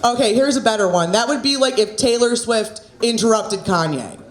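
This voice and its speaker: A woman's voice: on the high side, expressive, normal speed. A woman in her thirties doing open-mic stand-up, chatty and self-mocking, laughing at her own jokes. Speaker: stand-up comedian. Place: small comedy club, indoors. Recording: echoey club room with crowd laughter.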